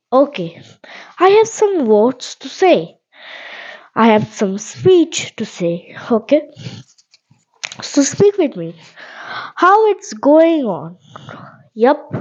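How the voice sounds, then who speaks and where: High-voiced woman teaching slowly. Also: a little mellow, lo-fi sound. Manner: halting, repetitive simple phrasing with frequent "okay?" checks. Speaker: podcast host and English teacher. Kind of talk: casual spoken English lesson.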